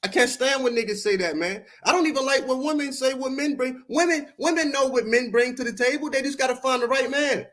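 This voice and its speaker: A man's voice: very high-pitched, a little fast, hardly any pauses, fairly bright tone. A man from Baltimore with a Baltimore accent, hosting a podcast livestream and ranting at his chat in a confrontational, profane, preachy street style. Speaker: podcast host. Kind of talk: heated livestream rant at chat.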